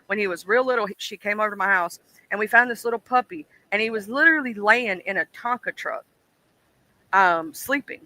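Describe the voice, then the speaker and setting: A stream host with a high, brisk, bright, and forceful voice rambles through casual chat peppered with ums and "you know"s. He laughs as he recounts childhood stories and performs the voices from them. The audio is poor.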